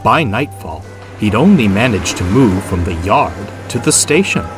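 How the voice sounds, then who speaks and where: Slow, expressive male storyteller. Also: lowish voice, over music. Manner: expressive, deliberate. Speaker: narrator. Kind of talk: storybook narration.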